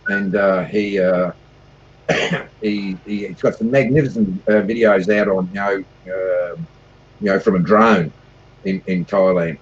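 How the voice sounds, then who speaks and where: A husky-voiced Australian man calls in, talking hesitantly with plenty of fillers. His voice sits a little low, and it comes through a muffled, lo-fi line. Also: steady tone, slow, long pauses. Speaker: guest caller. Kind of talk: casual chat.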